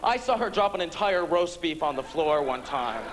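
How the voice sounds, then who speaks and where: A man performing a stand-up comedy set on a theatre stage, campy, with quick punchlines. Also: a little high, animated, a little hiss or hum. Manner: campy, rapid punchlines with quoted voices.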